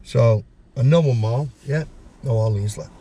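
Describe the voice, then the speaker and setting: Man telling a rough story. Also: unhurried. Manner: animated storyteller, acts out voices with sudden high pitch. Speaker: guest. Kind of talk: storytelling in a podcast interview.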